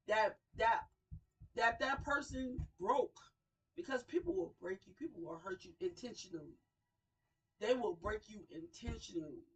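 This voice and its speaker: Slow, impassioned woman preaching from afar. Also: mid-range voice, slightly rough, recorded from a distance, rough recording. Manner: emotional, repetitive preaching cadence, swells and drops in volume. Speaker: radio show host. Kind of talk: impassioned sermon-style talk.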